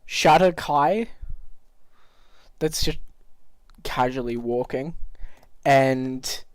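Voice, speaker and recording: A man's voice: medium pitch, very slow, no room sound. A man with an Australian accent narrating a tabletop game as game master, casual and laughing, swearing freely.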